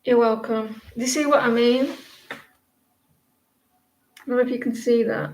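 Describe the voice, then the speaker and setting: A woman's voice: fairly high pitch, steady tone, moderate pace, a little mellow, reverberant, slight background noise, low-quality recording. A woman in her forties giving a casual live-stream tarot reading, rambling and chatty, often restarting her sentences. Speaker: tarot reader.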